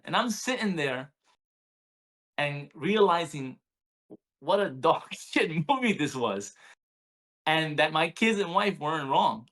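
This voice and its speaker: A man in his forties, co-hosting a podcast, telling a story in a casual, animated way with many restarts. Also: a little high, a little slow, long pauses. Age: 40s. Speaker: podcast co-host. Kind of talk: casual chat.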